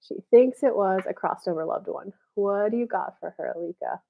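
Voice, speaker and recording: A woman's voice: medium pitch, brisk, creaky, phone-quality sound. A woman hosting a live stream of intuitive readings, chatting casually with many fillers and restarts, short of breath. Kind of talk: casual live-stream chat with channeled messages.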